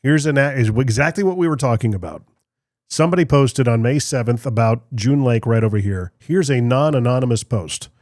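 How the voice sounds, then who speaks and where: A man's voice: medium pitch, brisk, a little mellow, no room sound, clean studio sound. A man co-hosting a beer podcast, telling stories animatedly and laughing often. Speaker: podcast co-host. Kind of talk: casual chat.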